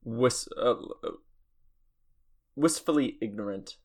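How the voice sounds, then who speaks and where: A man's voice: medium pitch, slow. Man musing through quiz answers. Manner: musing, hesitant, thinks aloud. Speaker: quiz guest. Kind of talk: casual podcast chat.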